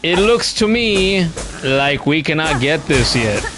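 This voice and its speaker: A man's voice: fairly high pitch, very animated, takes it slowly, over music. A young man streaming a game, chatting casually with his chat, sarcastic and swearing freely. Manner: sarcastic, profane, talks to chat. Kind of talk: casual gaming stream commentary.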